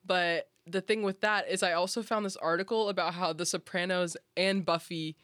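A woman's voice: fairly low pitch, fairly even intonation, normal speed, fairly bright tone, dry recording. Chatty young woman podcast host. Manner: rambling storyteller, chatty and laughing. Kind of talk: casual podcast chat.

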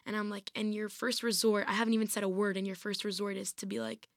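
A young adult woman talks fast with a medium-pitched voice and little pitch movement while telling her personal story in an interview. A former college athlete, she keeps it casual, using "like" heavily and restarting often; the studio sound is clean with no echo.

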